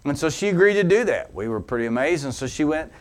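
Lively storytelling male pastor. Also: quick pace, clear, resonant tone. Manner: animated storyteller who laughs along with his own anecdote; drops to a low, earnest tone for the teaching points. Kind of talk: sermon storytelling.

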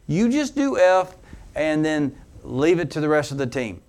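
Lively storytelling male pastor. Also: unhurried. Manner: animated storyteller who laughs along with his own anecdote; drops to a low, earnest tone for the teaching points. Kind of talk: sermon storytelling.

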